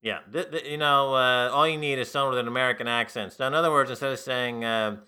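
A man's voice: mid-range voice, steady tone, fast, bright, forceful tone, clean tone. A man co-hosting a talk radio show, giving wry, sardonic commentary on the news in casual studio chat. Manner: wry, sardonic, mocks with put-on voices.

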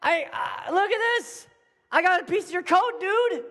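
A man voicing a bold young warrior who loudly teases a king, raising his voice high. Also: animated, moderate pace, in a large hall, full character voice. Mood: taunting. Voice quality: loud, teasing, high-pitched shouting.

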